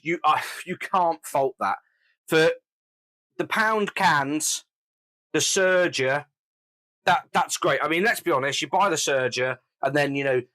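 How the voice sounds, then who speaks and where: Man, casual review host, enthusiastic, slightly higher voice. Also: sharp tone. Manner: enthusiastic, gushing. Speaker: beer reviewer.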